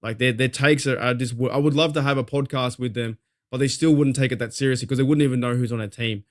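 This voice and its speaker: An Australian man hosting a fan talk show at a mid-range pitch. He vents in a fired-up, rambling way and swears freely, circling back over his points. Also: fairly even intonation, quick pace. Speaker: podcast host. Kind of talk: casual fan commentary.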